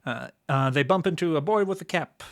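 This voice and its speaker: A young man co-hosting a casual podcast chat, recapping in a halting way full of fillers. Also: on the high side. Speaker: podcast co-host.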